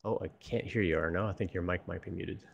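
Deep-voiced American man hosting a stream. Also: fairly even intonation, quick pace, creaky, husky, lo-fi sound. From United States. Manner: friendly, chatty, many fillers. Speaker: host, developer advocate. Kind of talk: casual live-stream chat. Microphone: video call.

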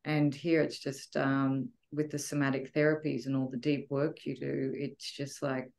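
Low gravelly woman, heartfelt. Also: flat delivery, normal speed, darkish tone. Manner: heartfelt, searching for words, gets emotional. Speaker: retreat guest. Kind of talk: emotional testimonial interview.

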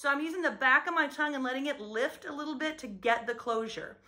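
Bright high-voiced woman vocal coach. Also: fast. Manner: explains technique plainly, then sings short demo lines. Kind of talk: singing lesson with sung demonstrations.

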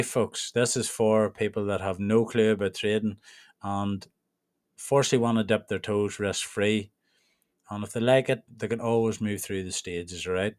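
A man with an Irish accent talks through his online group in a relaxed, rambling way. His voice sits a little low, and the recording is dry and close. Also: no echo. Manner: rambling and informal, with restarts. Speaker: trading mentor. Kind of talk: casual screen-share walkthrough.

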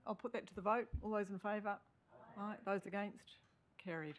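A New Zealand woman chairing a council meeting, brisk and procedural. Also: mid-range voice.

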